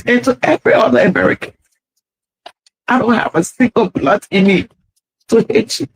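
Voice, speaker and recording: A woman's voice: a little high, normal speed, husky, no echo, poor audio. A woman making a tearful, pleading apology video, played inside a commentary.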